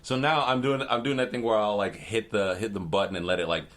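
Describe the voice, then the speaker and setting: A man's voice: on the low side, fast talker. A young man co-hosting a podcast, chatting casually and telling stories with lots of restarts. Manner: animated storytelling with restarts. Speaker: podcast co-host. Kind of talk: casual chat.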